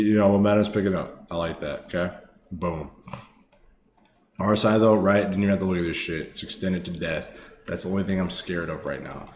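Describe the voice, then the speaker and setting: A man's voice: fairly low pitch, a little mellow, slight background noise. A man casually talking viewers through stock charts on a live stream, swearing freely and calling them brother and boss. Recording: echoey room with faint ambience.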